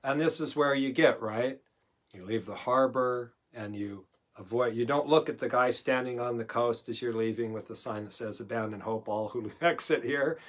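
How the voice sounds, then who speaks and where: A male pastor giving a conversational verse-by-verse Bible teaching, moving between loud emphasis and quiet asides. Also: mid-range voice, normal speed. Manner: conversational, swings from loud emphasis to near-murmur.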